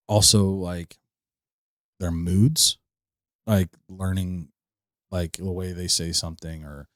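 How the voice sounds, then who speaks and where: A man in his thirties co-hosting a casual podcast, an animated storyteller who laughs through his anecdotes. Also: deep voice, dry recording, clean studio sound. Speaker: podcast co-host.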